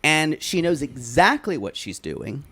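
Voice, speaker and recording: A podcast co-host chatting casually, gossiping and teasing in an animated way. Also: mid-range voice, breathy edge. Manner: animated, gossipy, quick to laugh and tease. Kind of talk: casual chat.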